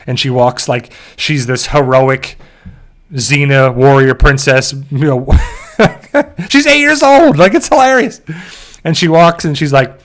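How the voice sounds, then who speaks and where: A man's voice: on the high side, lively intonation, normal speed, a bit bright. A man hosting a show, animatedly recapping a TV episode in casual talk and briefly mimicking the characters. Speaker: show host.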